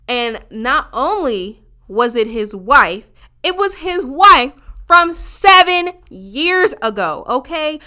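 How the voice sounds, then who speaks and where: Bright-voiced woman telling a wild story. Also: sits high, takes it slowly. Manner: animated, profane, emphatic, addresses viewers as y'all. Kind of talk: casual storytime monologue.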